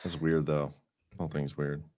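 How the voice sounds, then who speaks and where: A man's voice: extremely low pitch, flat delivery, normal speed, darkish tone, no room sound, clean studio sound. A man co-hosting a podcast in casual, rambling, profane chat. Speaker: podcast co-host.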